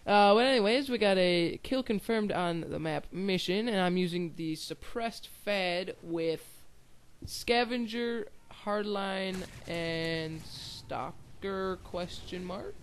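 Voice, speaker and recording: A man's voice: high-pitched, slow pace, clean tone. A young man giving casual gameplay commentary, rambling and giggly with self-deprecating asides. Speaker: gaming channel host.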